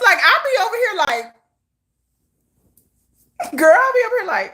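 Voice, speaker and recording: A woman hosts a casual fan livestream, telling stories in a lively, laughing way. Her voice is high and bright and swoops widely up and down. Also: normal speed, pauses often. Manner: animated, laughing, dramatic storytelling. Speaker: livestream host.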